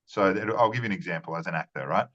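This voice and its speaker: A man's voice: sits low, rapid-fire, pushed and bright, lo-fi sound. A man giving earnest conversational interview answers as a marketing strategist, often repeating words and restarting phrases.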